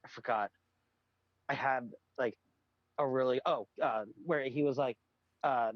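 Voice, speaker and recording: A man's voice: medium pitch, steady tone, a little slow, long pauses, dry recording, highs cut off. A man co-hosting a podcast in casual chat, ranting with strong opinions and frequent restarts. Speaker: podcast co-host.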